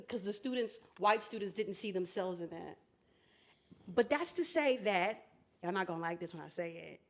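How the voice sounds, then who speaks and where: A woman co-hosting a podcast in casual chat, outspoken and heated, laughing often. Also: mid-range voice. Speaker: podcast co-host.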